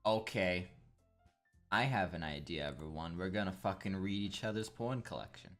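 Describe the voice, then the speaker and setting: Deep-voiced crude rambling young man. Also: normal speed, faint music behind. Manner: crude, rambling, jokey, swears a lot. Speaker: gameplay commentator. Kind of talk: casual gameplay commentary.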